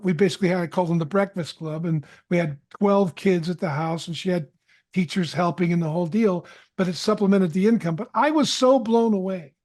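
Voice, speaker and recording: A man's voice: sits high, darkish tone. A middle-aged man, a podcast guest, telling a candid personal story, often stopping to correct himself and acting out what was said. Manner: candid, self-correcting storyteller who acts out quoted dialogue.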